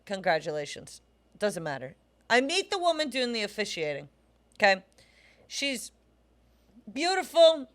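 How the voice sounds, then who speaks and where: A woman's voice: mid-range voice, sing-song, measured pace, long pauses, a bit bright. A young adult woman co-hosting a comedy podcast, telling stories emphatically in casual chat and swearing freely. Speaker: podcast co-host.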